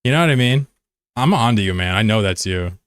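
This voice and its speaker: Chatting casually with viewers while playing a game, this man livestreams in a laid-back way, swearing freely and laughing easily. His fairly low voice is animated, brisk, and a little bright, with a clean, echo-free, studio-quality sound.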